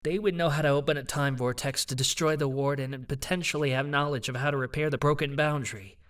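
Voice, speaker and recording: A man voicing a wise male animal familiar in an audiobook, speaking in a measured, earnest way. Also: on the high side, steady tone, fairly bright tone, recorded from a distance, close to an everyday voice.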